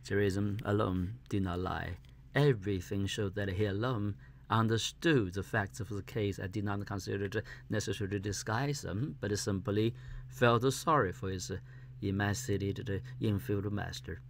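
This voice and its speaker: Gravelly, halting male reader. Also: fairly low pitch, steady tone, slight background noise. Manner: halting, stumbles over words. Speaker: audiobook reader. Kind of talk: reading a classic novel aloud.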